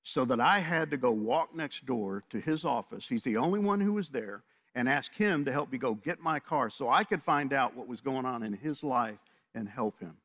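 Male pastor, mid-pitched, storytelling sermon, voices both people in the story. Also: moderate pace. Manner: animated storyteller, acts out both sides of conversations.

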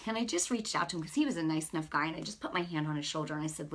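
A woman's voice: lowish voice, fast talker, few pauses, a bit bright. A middle-aged woman giving an earnest, conversational sermon, telling a personal story with lots of casual asides. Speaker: preacher.

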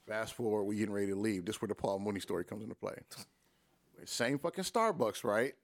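A man's voice: fast, vocal fry, dry recording. A man from Detroit telling casual stories on a podcast, acting out quotes with big jumps in his voice and plenty of swearing. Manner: animated, profane, acts out quotes with big pitch jumps. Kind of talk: casual storytelling.

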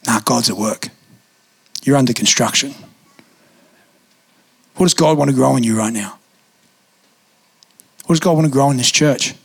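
A young man preaching a sermon in a church, telling stories in a lively, conversational way with casual fillers. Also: mid-range voice, moderate pace, creaky, pauses often, breathy edge. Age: young adult. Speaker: pastor. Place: church auditorium.

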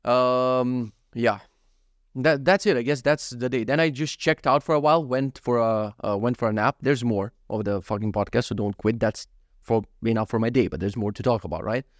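With a mid-range voice, a man in his thirties shares stories from his day in a relaxed vlog monologue. He swears frequently and acts out what went through his head, in dry, clean studio audio.

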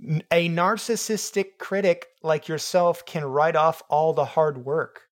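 Man putting on a pompous, insulting director, voice pitched up and pushed. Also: expressive, moderate pace, natural voice. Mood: indignant. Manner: insulting, self-important. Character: outraged pompous male film director.

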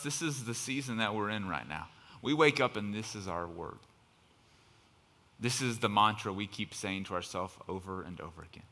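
A man's voice: sits low, moderate pace, sharp tone. A male pastor preaching a sermon in a conversational, impassioned way, sometimes building to emphatic outbursts. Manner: conversational preaching with fillers like "kind of".

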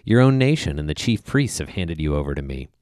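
A questioning Roman governor , read by a man, in a deep, measured voice. The lines come slightly raised and louder than the narration. The recording is dry and close. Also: very animated, no room sound.

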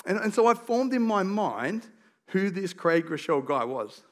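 Australian man preaching with lively humour. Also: high-pitched, normal speed. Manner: lively storytelling, self-deprecating humour. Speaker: pastor. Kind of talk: conversational sermon.

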